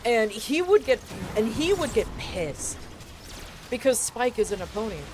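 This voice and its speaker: A woman's voice: fairly high pitch, noisy background. Profane, chatty woman streamer. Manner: animated and profane, with laughs and quick asides. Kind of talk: casual storytelling on a game stream.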